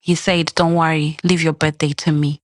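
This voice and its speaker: A woman's voice: low-pitched, normal speed, no echo. A young adult woman, a podcast guest, telling a personal story in casual chat and acting out the quoted lines. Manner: animated, acts out quoted dialogue.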